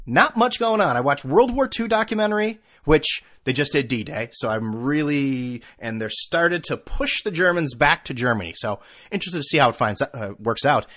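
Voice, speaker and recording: A man hosting his own podcast at home on a desk microphone, ranting casually with profanity and sarcasm, swinging between low mutters and loud outbursts. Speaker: podcast host. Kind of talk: casual solo podcast rant. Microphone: desk microphone with camera.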